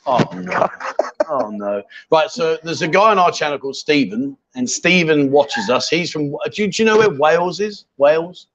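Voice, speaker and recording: A man's voice: a little high, lively intonation, moderate pace, a bit bright, dull audio, a little hiss or hum. A man hosting a live chat show from a bar, chatty and teasing, joking as he goes. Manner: jokey, chatty, teasing, repeats himself. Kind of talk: casual live-stream chat. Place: bar in Thailand.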